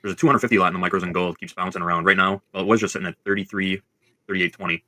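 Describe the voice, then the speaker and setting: A man's voice: deep voice, fairly even intonation, very fast, sharp tone, dry recording. Chicago-accented male host, rattles off market figures at speed, dry close sound. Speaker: trading stream host. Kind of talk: live market commentary.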